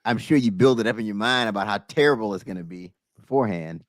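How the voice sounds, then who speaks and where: Fast-talking podcast host, dry sound. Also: male voice, lowish voice, dry recording. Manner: conversational, quick comments and agreement. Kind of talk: casual interview chat.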